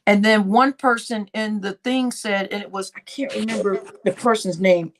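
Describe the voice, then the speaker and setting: A woman hosts a casual livestream, rambling through a story and acting out the things people said. She talks at normal speed with hardly any pauses, in a medium-pitched voice with fairly even intonation.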